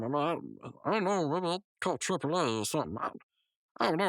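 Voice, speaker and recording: Male co-host, halting and casual, lively bright delivery. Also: on the high side, creaky, no room sound. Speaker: podcast co-host. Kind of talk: casual episode recap.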